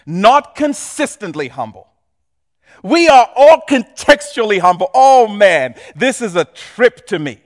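A man preaching a sermon in a conversational way, repeating key phrases for emphasis. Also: sits high. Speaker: pastor.

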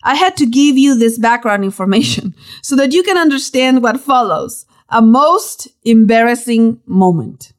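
A woman reading a personal story aloud, with lively storytelling and playful emphasis. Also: on the high side, moderate pace, hardly any pauses. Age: young adult. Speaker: narrator.

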